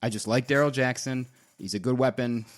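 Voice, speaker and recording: A man co-hosting a casual sports chat, relaxed and enthusiastic, trailing off with fillers. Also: mid-range voice, fairly quick. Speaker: co-host.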